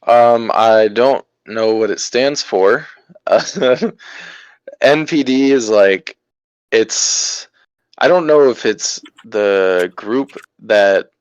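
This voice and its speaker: A man's voice: on the low side, expressive, slow, clean tone, no echo, lo-fi sound. A young man co-hosting a casual podcast, laid-back, laughing often and filling gaps with ums. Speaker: podcast co-host. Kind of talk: casual chat.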